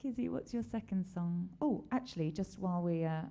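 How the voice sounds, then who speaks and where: A woman's voice: on the low side, a little fast, gravelly, mellow. A woman hosting a casual live-stream chat, talking in a rambling, chatty way with lots of fillers. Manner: rambling, chatty, many fillers and little laughs. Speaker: host.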